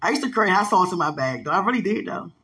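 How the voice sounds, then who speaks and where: A woman's voice: lowish voice, lively intonation, rapid-fire, a bit bright, slightly rough. A middle-aged woman in casual, affectionate chat, rambling through loose stories.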